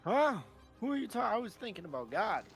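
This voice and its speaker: Man putting on a dim eager helper, high lively confused questions, faint music behind. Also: fairly quick, gravelly, full character voice. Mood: bewildered.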